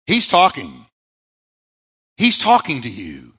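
Pastor guy preaching hard, pitch jumping all over, lots of rhetorical questions, echoey sanctuary. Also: wildly swooping pitch, slow, a bit bright, slightly rough. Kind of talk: sermon.

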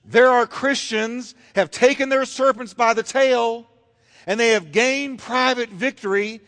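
A man's voice: very high-pitched, unhurried, fairly bright tone. A man preaching a fervent sermon, driving his points home with repeated rhetorical questions.

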